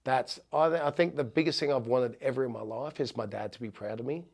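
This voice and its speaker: A man's voice: mid-range voice, fast, vocal fry, a little mellow. A middle-aged Australian man, a former rugby league player, telling heartfelt stories in a podcast interview with frequent restarts.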